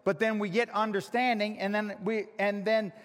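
A male pastor preaching a sermon, teasing his congregation and swinging from loud shouts to hushed, drawn-out emphasis. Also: high voice, flat delivery. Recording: long reverb of a large hall.

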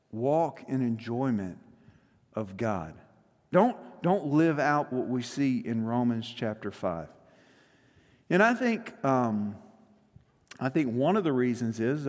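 A male pastor preaching a sermon in a conversational, joking way, rushing through some phrases. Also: mid-range voice, darkish tone, big-room sound. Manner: conversational and joking, with quick rushes.

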